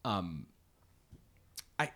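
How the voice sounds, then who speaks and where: A man's voice: drawn-out words, pushed and bright. A man hosting a podcast in casual chat, rambling and restarting his sentences. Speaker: podcast host.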